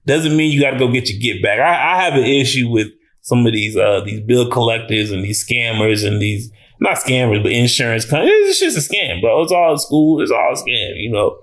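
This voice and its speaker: A man giving a casual, animated reaction review of a TV episode, talking in slang, swearing and restarting often. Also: medium pitch.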